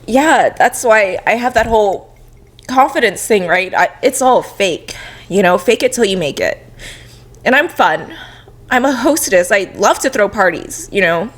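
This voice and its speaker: A woman's voice: medium pitch, expressive, unhurried. A young woman co-hosting a podcast, talking openly and emotionally while crying and laughing through tears. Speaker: podcast co-host. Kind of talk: casual heartfelt chat.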